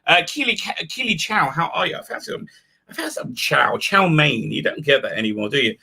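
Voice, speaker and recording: A man hosting a home live stream, his voice bright and ringing, and his pitch swings all over the place. He rambles with many fillers and restarts as he chats with viewers and reads out their comments. His desk mic level keeps jumping up and down. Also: very animated, brisk, vocal fry, husky. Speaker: livestream host. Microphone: desk mic with unsteady level.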